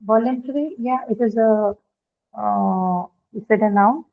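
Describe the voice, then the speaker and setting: A woman's voice: mid-range voice, a little slow, vocal fry. A woman teaching English pronunciation, explaining step by step and checking with her students as she goes. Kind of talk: online pronunciation lesson. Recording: tinny phone-like line.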